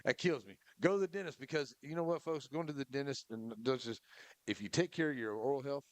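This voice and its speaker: A man co-hosting a local sports radio show, folksy and animated, laughing often. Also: medium pitch, fast, no echo. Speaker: co-host. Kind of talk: casual radio talk.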